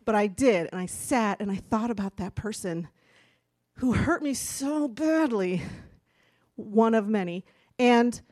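A woman's voice: medium pitch, darkish tone, dry recording, studio quality. A woman giving a candid, chatty personal testimony from a church stage, laughing now and then as she talks. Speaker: speaker giving a church talk.

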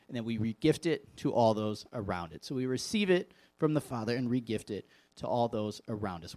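A man's voice: mid-range voice, no room sound. A man preaching an informal evening sermon, reading scripture aloud and talking conversationally to the congregation. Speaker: pastor.

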